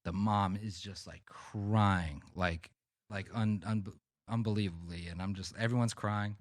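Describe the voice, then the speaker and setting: A man's voice: fairly low pitch, measured pace, dry recording, studio quality. A man on a podcast telling a profane, rambling story in casual chat. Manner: rambling, profane, animated anecdotes. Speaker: podcast co-host.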